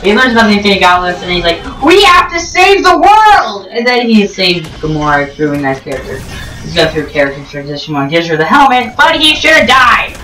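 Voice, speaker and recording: A woman's voice: fast talker, pushed and bright. Rambling woman commenting over gameplay. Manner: joking, digressive, many ums and restarts, sudden jumps in pitch. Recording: roomy echo, distant mic, faint game music.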